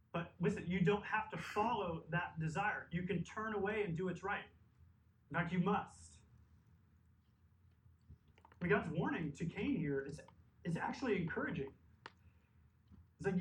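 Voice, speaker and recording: This man's voice sits high as he preaches a sermon, earnest and emphatic, slipping in conversational asides. He's a pastor, recorded from a distance in an echoey hall, with slight background noise.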